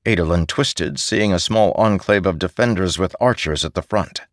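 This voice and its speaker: A man giving measured, steady scripted narration as an audiobook narrator. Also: low-pitched, no echo. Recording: dry close studio sound.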